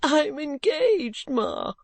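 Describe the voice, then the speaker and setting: A woman's voice: a little high, a little slow, no echo, voice pushed up. A woman voicing a tearful young daughter who pleads with her mother through sobs. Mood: pleading tearful. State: sobbing.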